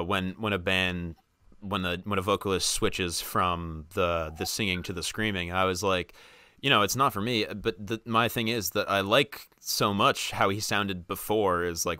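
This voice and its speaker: A man with a low voice and a bright, crisp edge, chatting loosely on a podcast. He swears freely and wanders through fillers. The sound is close and dry. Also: dry recording. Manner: loose, profane, lots of fillers. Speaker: podcast co-host. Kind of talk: casual chat.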